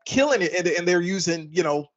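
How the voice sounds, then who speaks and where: A man's voice: high-pitched, lively intonation, a little fast, dull audio. A male comedian chatting as an interview guest, hesitant with many fillers. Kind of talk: casual interview chat.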